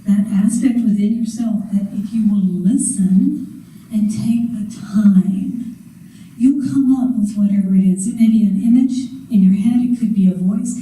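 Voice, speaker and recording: A middle-aged woman, a career coach, giving an animated conference talk and acting out her inner voices. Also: medium pitch, a little slow. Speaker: career coach and motivational speaker. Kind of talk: conference talk to a live audience. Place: conference room. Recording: echoey hall, voice from a distance.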